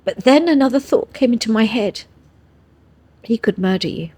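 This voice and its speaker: A woman's voice: a little high, expressive, normal speed, darkish tone, slightly rough. A woman with an English accent, a podcast guest earnestly telling a personal story and often checking in with her listener. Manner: earnest, checks in with "yeah?" tags. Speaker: interview guest.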